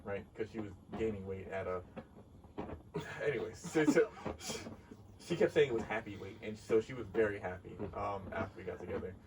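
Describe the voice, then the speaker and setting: A man casually telling a story on a podcast, animated and profane, laughing often. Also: fairly low pitch, normal speed. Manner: animated, laughing, swears freely. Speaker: podcast co-host. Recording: distant mic with clear background noise.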